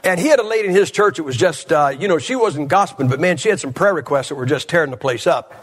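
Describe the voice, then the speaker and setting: A man's voice: fairly high pitch, animated, fast. A man preaching a humorous sermon at a church service, telling stories in a blunt, joking way.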